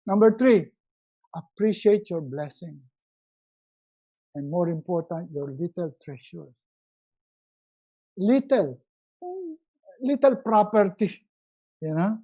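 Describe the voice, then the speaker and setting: A middle-aged man, giving a live motivational webinar talk as a resiliency coach, animated and acting out little quoted scenes. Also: high-pitched, slow, pauses often, lo-fi sound.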